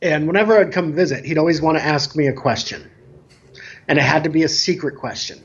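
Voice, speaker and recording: A man guest telling a casual story about himself in a relaxed, self-mocking way, over a remote call. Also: a little high, a little fast, dull audio. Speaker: guest, dance DJ.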